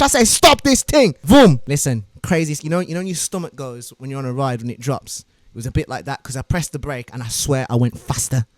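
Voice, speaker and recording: A young man, talking high in his range, retells a story on his stream with shouts, curses and sound effects. The sound is dry and close, with no room around it. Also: no echo. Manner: swearing, shouting, mimicking sounds. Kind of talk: animated storytelling.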